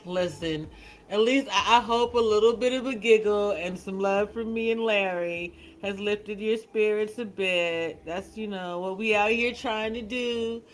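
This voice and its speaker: A woman hosting a casual livestream. She chats in an animated, teasing way, laughs often, and restarts her sentences a lot. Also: medium pitch, unhurried, slight background noise, poor audio. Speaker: livestream host.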